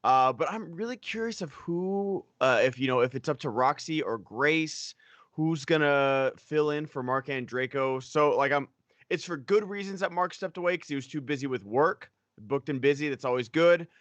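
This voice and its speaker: A man's voice: on the high side, moderate pace, fairly bright tone, no room sound. A young man on a live show panel, chatting casually and rambling with lots of fillers. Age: young adult. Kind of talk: casual chat.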